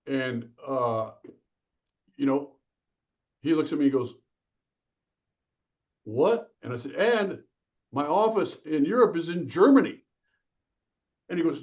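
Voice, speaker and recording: A man's voice: on the high side, slow, pauses often, dull audio. A man being interviewed as an author, telling stories energetically and acting out the quotes. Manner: energetic, lively, acts out quotes. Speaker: author and guest. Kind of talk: casual interview storytelling.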